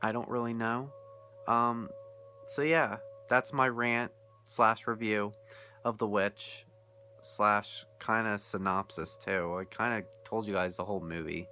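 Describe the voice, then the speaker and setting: A man's voice: fairly low pitch, steady tone, a little slow, sharp tone, faint music behind. A young man ranting casually about a film he watched, incredulous and often laughing. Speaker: vlogger reviewing a film. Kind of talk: casual rant.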